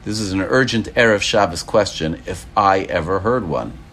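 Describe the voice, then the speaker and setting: A man teaching a religious class as an animated storyteller who acts out quoted dialogue. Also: sits low, normal speed, a little hiss or hum. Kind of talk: Torah class lecture.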